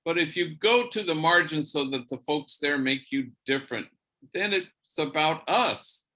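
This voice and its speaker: A man, a priest, telling a story in a church lecture, animated and sprinkled with Spanish slang words. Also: a little high, a little slow.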